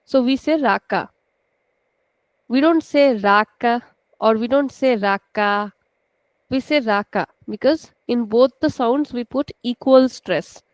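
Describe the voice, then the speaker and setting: A native Hindi speaker with an Indian accent teaches a language class over a video call, patiently checking in with her students. Her voice is high-pitched and mellow at normal speed with few pauses, on a low-quality recording with no room sound.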